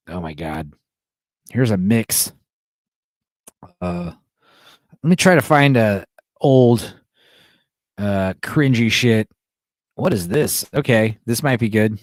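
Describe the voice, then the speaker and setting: A man's voice: fairly low pitch, dry recording, clean studio sound. An American man hosting a casual livestream chat, rambling and swearing freely as he answers viewers. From United States. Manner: profane, rambling, animated; reads and answers chat messages. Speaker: podcast host.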